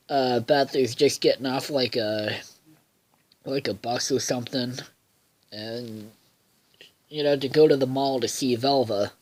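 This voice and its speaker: A man's voice: mid-range voice, unhurried, long pauses, low-quality recording. A man casually recapping a cartoon episode, rambling with lots of fillers, swearing freely and losing his train of thought. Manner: loses track and backtracks. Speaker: episode reviewer.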